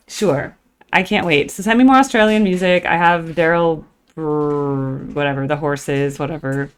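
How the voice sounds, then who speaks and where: Chatty low-voiced woman reacting to music. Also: clean tone. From United States. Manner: rambling, chatty, with frequent fillers; sings snatches of songs. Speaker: reaction video host. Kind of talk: casual chat. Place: at home in the morning.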